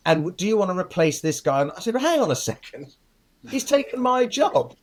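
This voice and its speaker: A man's voice: high-pitched, brisk. An older man, a film editor, telling stories in an interview, laughing often and acting out the people he quotes. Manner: lively storyteller, acts out quoted voices, laughs often. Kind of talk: anecdotal interview storytelling.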